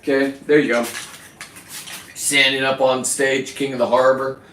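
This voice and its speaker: A man's voice: medium pitch, little pitch movement, a little slow, fairly bright tone, slight background noise. Middle-aged male vlogger, crude and boastful, mid-range voice, roomy echo. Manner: profane, boastful and rambling. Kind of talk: rambling casual monologue. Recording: echoey room.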